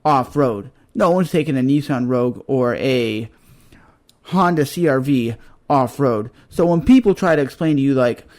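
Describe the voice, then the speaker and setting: A man's voice: medium pitch, animated, moderate pace, darkish tone. A man vlogging a blunt, exasperated rant straight to the camera, swearing freely. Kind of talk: ranting monologue to camera.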